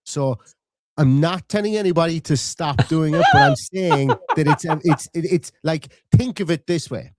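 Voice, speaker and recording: A man, talking in an animated, rapid-fire way and making his points with energy in a casual football chat. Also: on the high side, very noisy. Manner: animated, rapid-fire, acts out quoted voices. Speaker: football fan podcast host.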